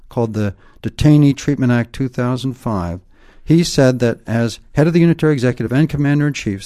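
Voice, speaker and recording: A man's voice: medium pitch, mellow. A man explaining points emphatically in an interview, lecturing and often tagging points with "okay?". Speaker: guest expert.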